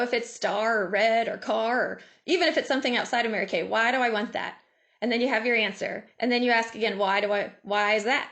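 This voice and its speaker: A woman giving a lively motivational talk over a video call, laughing often and acting out inner voices. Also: on the high side. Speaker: guest speaker.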